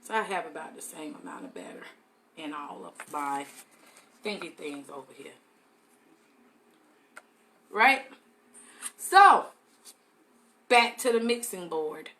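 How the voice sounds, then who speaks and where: A woman's voice: sits low, big pitch swings, a little slow, pauses often, fairly bright tone, a little hiss or hum. A young adult woman leading a live soap-making tutorial, chatting casually and calling her viewers y'all.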